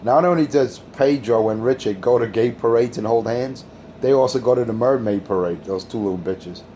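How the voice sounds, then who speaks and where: A man's voice: mid-range voice, moderate pace, mellow, slight background noise. A man hosting a crude, taunting radio rant. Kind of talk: insult-heavy radio rant.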